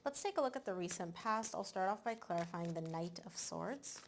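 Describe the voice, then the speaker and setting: A woman giving a casual tarot reading to camera, animated and emphatic, often repeating words for stress. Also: on the low side, normal speed, noisy background. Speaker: tarot reader.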